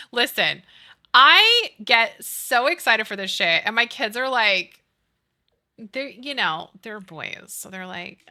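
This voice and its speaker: A woman's voice: fairly high pitch, very animated, unhurried, vocal fry, pushed and bright. A woman in her thirties chatting casually on a game stream, gushing and giggly as she talks to her chat. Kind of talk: casual chat with chat while gaming.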